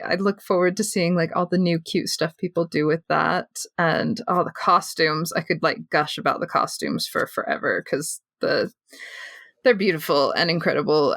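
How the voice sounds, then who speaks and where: A woman's voice: low-pitched, a bit bright, dry recording. A woman co-hosting a podcast in casual chat, chatty with many fillers and laughs. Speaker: podcast co-host.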